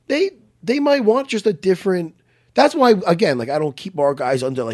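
Animated, profane man. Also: sits high, fairly quick. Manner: animated, profane, lively storytelling. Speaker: podcast guest, jiu-jitsu instructor. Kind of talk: casual chat.

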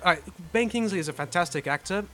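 A man with a slightly high voice, co-hosting a podcast about movies. He lays out his points earnestly, with dry humor, over faint background music. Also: expressive, quick pace, fairly bright tone. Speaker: podcast co-host. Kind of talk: casual movie-fan banter.

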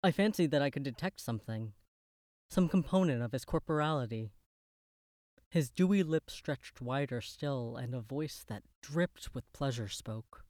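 A man gives measured, literary first-person narration of a gothic horror tale. His voice sits at a middling pitch. The recording is close and dry. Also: lively intonation, darkish tone, no room sound.

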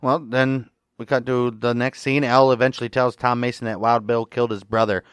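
A man's voice: medium pitch, little pitch movement, brisk, clear, resonant tone, no echo, studio quality. A man casually recapping a TV episode with a co-host, swearing freely and retelling scenes. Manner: casual, profane, retells scenes and acts out quotes.

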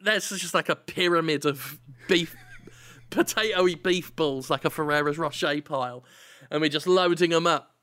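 A man with a high voice, co-hosting a casual comedy chat. He spins absurd stories and drops into silly put-on voices. His tone is bright and forward. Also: normal speed. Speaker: podcast co-host.

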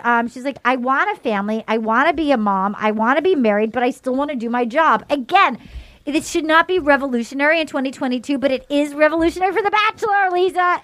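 A woman's voice: high voice, no echo. A woman co-hosting a casual podcast, retelling a show with acted-out quotes and lots of "like". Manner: animated storytelling, acts out quotes. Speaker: podcast co-host. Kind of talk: casual recap chat.

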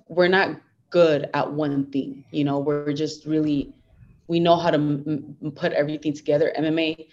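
A young American woman fighter, guesting in a casual interview, speaks earnestly and upbeatly, code-switching into Spanglish. Her voice sits low, and the highs are cut off.

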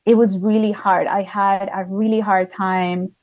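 A woman's voice: mid-range voice, flat delivery, unhurried, darkish tone, highs cut off. Chatty woman guest telling stories. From outside the United States. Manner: chatty, frequent "like" fillers. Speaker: guest, spiritual healer and channeler. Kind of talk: casual conversational storytelling.

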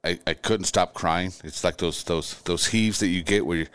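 A middle-aged man, a guest, telling his own story in conversation, halting and repeating words as he goes. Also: sits low, fairly bright tone, smooth.

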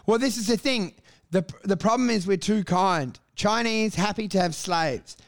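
An Australian man talks in loose comedic banter on a podcast. His voice sits high for a man, and he swears freely and launches into loud acted-out bits. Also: moderate pace. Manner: animated, swearing, bursts into shouted bits. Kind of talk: casual comedic chat.

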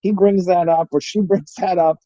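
A middle-aged man hosting a casual interview, speaking haltingly with many restarts. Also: high voice, fairly even intonation, warm tone, dry recording, dull audio. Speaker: podcast host.

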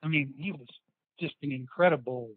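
A man's voice: a little high, moderate pace, no echo. Man telling stories over a tinny line. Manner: rambling anecdotes with many restarts and quoted dialogue. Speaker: interview guest, former football player. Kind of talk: casual storytelling interview. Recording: dry tinny phone-like sound.

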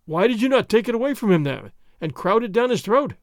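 A man's voice: high voice, sing-song, fairly quick, dry recording, studio quality, pitched above the performer's own voice. A man playing a teasing foppish nobleman. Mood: needling. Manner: mock-innocent, needling.

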